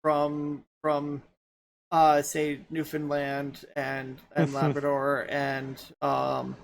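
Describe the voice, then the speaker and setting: A man's voice: fairly high pitch, completely flat delivery, drawn-out words, creaky, slight background noise. A man from Canada with a Canadian accent, chatting casually as a podcast co-host, hesitant and full of restarts. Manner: hesitant, many restarts and fillers. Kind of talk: casual chat.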